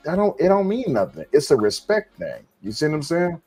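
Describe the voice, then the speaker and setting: A man's voice: a little high, brisk, husky, soft background music. A man telling stories in a casual podcast chat, swearing freely and acting out what people said. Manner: animated, profane storyteller who acts out quotes.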